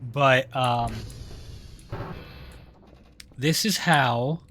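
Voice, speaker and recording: Slow-talking bright-voiced male streamer. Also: mid-range voice, faint music behind. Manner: chatty, laughs often, trails off mid-sentence. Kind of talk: live gameplay commentary.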